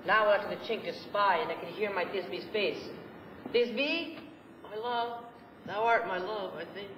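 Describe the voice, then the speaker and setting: A man's voice: high voice, moderate pace, lightly acted. A young man playing lovesick Pyramus in an amateur rehearsal, declaiming in an overwrought mock-tragic way. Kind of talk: amateur Shakespeare rehearsal, goofing around. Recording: echoey room, far from camera, noisy.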